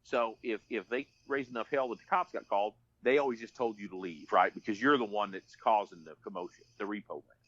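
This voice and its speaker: A man's voice: on the low side, a little fast, few pauses, a bit bright, no room sound, muffled recording. A man telling a rambling, folksy story on a podcast, full of restarts. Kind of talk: casual storytelling.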